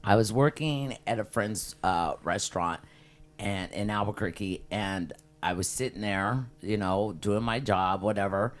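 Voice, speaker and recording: A woman in her fifties co-hosts a podcast, telling stories in an animated, casual chat and swearing freely. Her voice is extremely low-pitched and unhurried.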